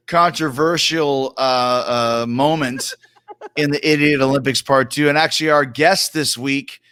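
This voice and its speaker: A man's voice: medium pitch, steady tone, unhurried, bright, forceful tone, clean tone, dry recording. A man co-hosting a podcast, chatting casually and laughing as he rambles through stories. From Canada. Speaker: podcast co-host. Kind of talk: casual chat.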